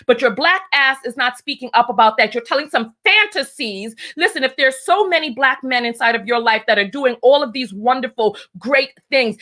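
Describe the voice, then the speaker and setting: A woman's voice: a little high, bright, forceful tone. A woman hosting a live stream, fiery and blunt, riled up early in the morning and reading out viewer comments. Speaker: host.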